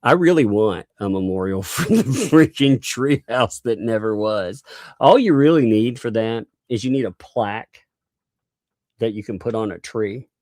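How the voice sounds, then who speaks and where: A man's voice: fairly low pitch, a little slow, darkish tone, dry recording, clean studio sound. A male livestream host in casual chat, reading out viewer donations and laughing constantly between remarks.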